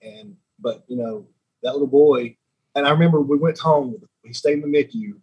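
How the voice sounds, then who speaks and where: A man's voice: mid-range voice, normal speed, slightly rough, dull audio. A man in his thirties from Alabama, a podcast guest telling a personal story in an earnest way, often restarting and repeating himself. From Alabama, United States. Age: 30s.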